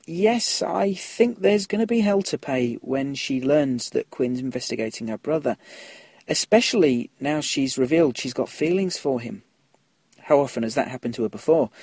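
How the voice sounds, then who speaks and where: Husky, chatty podcast host. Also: male voice, a little high, darkish tone, dry recording. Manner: chatty, laughs at his own slips. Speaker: podcast host reading listener emails. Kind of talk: casual podcast commentary.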